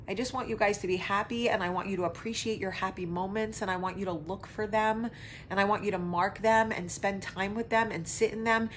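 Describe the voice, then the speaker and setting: Brisk and fairly even in intonation, a woman with a mid-range voice chats casually to viewers on her own talk show, jumping between tangents, swearing freely and reacting to viewer comments. Slight background noise is present.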